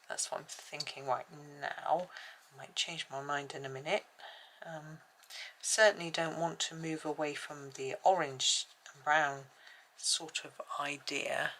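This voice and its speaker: Brief: English woman hosting a colouring vlog, low and bright-toned voice, chatty, thinks aloud. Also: a little hiss or hum, low-quality recording. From England. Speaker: colouring channel host. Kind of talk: casual chat while colouring.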